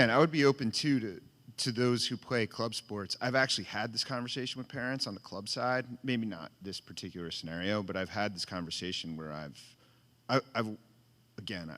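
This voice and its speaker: Deep male panelist, earnest, stumbling restarts, long hall reverb. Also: moderate pace, a bit bright. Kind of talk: panel discussion.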